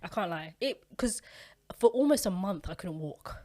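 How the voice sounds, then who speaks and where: A woman's voice: on the low side, lively intonation, moderate pace, a little mellow. A young woman, co-hosting a podcast and telling a candid, slangy personal story. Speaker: podcast co-host. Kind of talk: casual chat.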